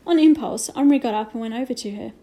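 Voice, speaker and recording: A woman reading a children's novel aloud with gentle storytelling and hushed asides. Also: on the high side, fast talker. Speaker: reader.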